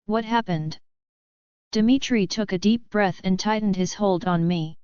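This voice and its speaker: A woman reading a romance audiobook in steady first-person narration. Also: mid-range voice, normal speed, clear, resonant tone, no room sound, lo-fi sound.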